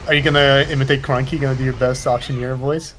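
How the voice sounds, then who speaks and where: A man's voice: medium pitch, fairly even intonation, quick pace, crowd noise. A man chatting and joking in casual gaming voice chat, with game music behind him.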